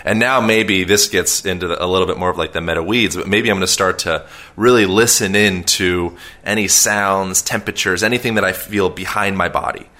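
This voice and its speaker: Guest, male, deep but crisp-edged voice, long-winded, loose and filler-heavy. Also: steady tone, a little fast, bright, forceful tone. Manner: rambling, filler-heavy, self-aware long-winded talk. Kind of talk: casual conversational explanation.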